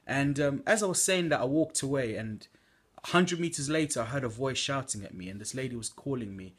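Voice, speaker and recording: A man's voice: mid-range voice, animated, fairly quick, breathy edge. A young man giving an earnest preaching testimony from home at night, exhorting listeners with fillers. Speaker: church member giving a testimony.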